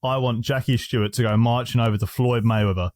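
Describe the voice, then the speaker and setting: A man co-hosting a podcast, telling stories in animated casual chat and laughing often. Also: mid-range voice, quick pace, dry recording. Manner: animated storytelling, laughs a lot, swears. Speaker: podcast co-host.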